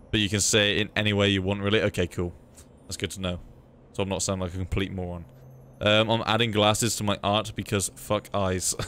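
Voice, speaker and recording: A young man from the United Kingdom streams a game live, chatting casually, swearing freely, and reading chat messages aloud. His voice sits on the low side with a fairly bright tone, and there's a little hiss or hum.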